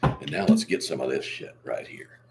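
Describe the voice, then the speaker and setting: A hoarse man hosting a casual live stream, coughing now and then and reading out viewer comments in a showy way. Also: extremely low pitch, normal speed, background noise.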